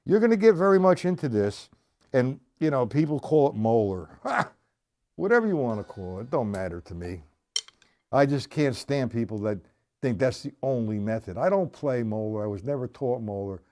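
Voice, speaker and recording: A male drum teacher with a darkish, sing-song mid-range voice speaks at a moderate pace while streaming a lesson live. He's casual, reiterates key points, and checks in with the people watching; the sound comes from the stream's camera mic.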